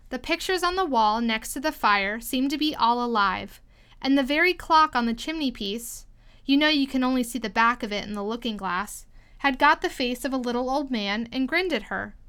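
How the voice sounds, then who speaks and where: A woman reading a storybook aloud in an expressive, lively storytelling manner. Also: high voice, normal speed, clear, resonant tone. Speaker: storybook reader. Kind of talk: storybook read-aloud narration.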